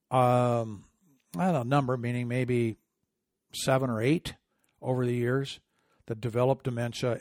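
A middle-aged man delivering political commentary with a sarcastic, indignant edge that swells into loud outrage. His voice sits in an ordinary middle range. The recording is dry and close, with no room echo. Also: mid-range voice. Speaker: commentary host.

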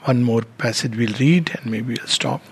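A spiritual teacher, a man, reads poetry aloud and explains it in a measured, reflective way, pausing often. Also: medium pitch, slightly rough.

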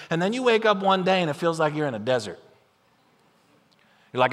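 A man preaching a sermon in an animated, conversational way, acting out imagined voices of his listeners. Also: sits high, a little fast, pauses often, big-room sound. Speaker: pastor.

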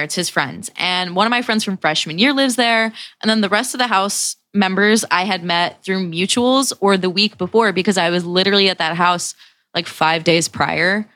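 A young woman in her twenties hosting a podcast, telling a personal story in a casual, profane, animated way and acting out what people said. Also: lowish voice, dry recording. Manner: profane, animated retelling with acted-out quotes. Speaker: podcast host.

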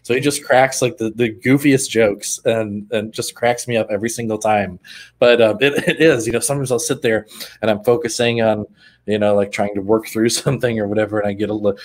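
A man co-hosting a casual conversation, relaxed and hesitant, with many fillers and frequent laughter. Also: fairly low pitch, a little fast. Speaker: podcast co-host.

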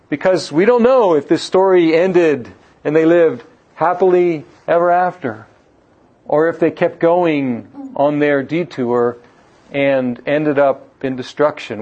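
Earnest preacher man, slightly high voice. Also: darkish tone. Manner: earnest, asks the listeners questions; repeats words when restarting a phrase. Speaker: preacher teaching on a Bible letter. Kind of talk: sermon-style Bible teaching. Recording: dull lo-fi recording.

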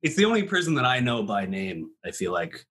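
A man's voice: mid-range voice, sing-song, a little fast, a bit bright. A man casually telling a made-up movie plot to his co-hosts, rambling with many fillers and frequent laughs. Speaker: podcast host pitching a made-up movie. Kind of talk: casual comedic storytelling.

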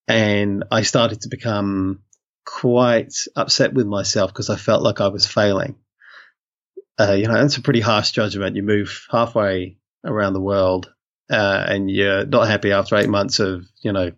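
A man's voice: lowish voice, fairly even intonation, normal speed, a bit bright, lo-fi sound. A man from London, a guest in an interview, talking in a thoughtful way that often corrects itself. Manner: thoughtful, self-correcting, uses 'you know' often. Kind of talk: reflective conversational interview.

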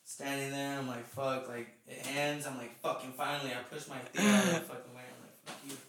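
A man's voice: mid-range voice, fairly quick, fairly bright tone. A man telling a rambling, profane story in casual podcast chat, acting out the quotes. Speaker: podcast co-host. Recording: echoey room, background noise.

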